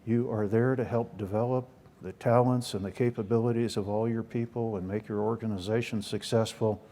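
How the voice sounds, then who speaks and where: An older American man gives a storytelling talk as a guest speaker, full of folksy, self-deprecating jokes. His voice is lowish and dark, fairly even in intonation and a little fast.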